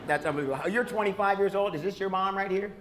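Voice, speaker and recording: A man's voice: high-pitched, fast talker, roomy sound, a loud crowd. A man doing stand-up comedy in a club, brash and profane, teasing people in the audience. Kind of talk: stand-up set with crowd work. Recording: live club with audience noise.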